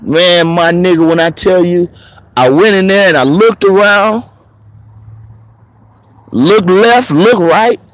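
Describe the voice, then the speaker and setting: A man in his thirties telling a story in a casual, profane monologue, laughing often and swinging between preacher-like highs and murmurs. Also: slow pace, long pauses, no echo. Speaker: show host.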